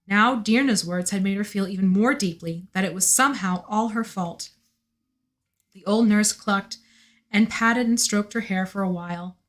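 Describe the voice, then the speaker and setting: A woman with a slightly hoarse voice, reading a novel aloud on a live stream in an unhurried way, with chatty asides. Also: mid-range voice.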